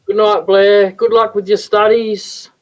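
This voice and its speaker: A man's voice: sits high, little pitch movement, a little slow. Joking man hosting a live stream. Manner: joking, teasing, laughs often. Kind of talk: casual live-stream chat. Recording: dull lo-fi audio.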